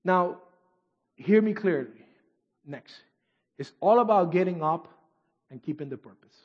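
Man, preaching, husky voice, higher pitch, dramatic swings from loud to hushed, non-native phrasing, echoey church hall. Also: animated, measured pace. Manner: dramatic swings from shouts to near-whispers, reading scripture aloud. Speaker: pastor. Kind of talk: sermon. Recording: dull echoey hall recording.

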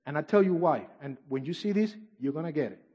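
A man preaching a sermon and reading scripture aloud, swinging from shouts to near-whispers, with non-native English phrasing. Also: fairly high pitch, lively intonation, fast talker, slightly rough. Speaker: pastor. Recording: dull echoey hall recording.

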